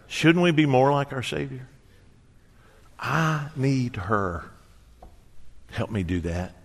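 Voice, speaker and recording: A man in his sixties, a pastor preaching a sermon, telling stories with animated, folksy humor. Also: fairly low pitch. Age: 60s. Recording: long reverb of a large hall.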